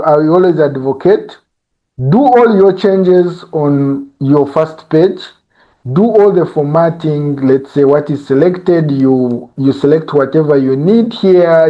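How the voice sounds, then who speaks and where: A male instructor giving a live software tutorial, talking conversationally and often checking in with "eh?" and "you see?". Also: a little high, highs cut off.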